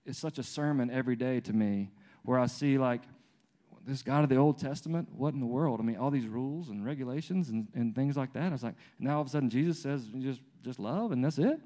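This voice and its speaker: Halting, conversational male preacher. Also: mid-range voice. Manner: informal, halting, many restarts and fillers; lively storyteller acting out his toddler and himself. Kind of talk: conversational sermon with personal stories.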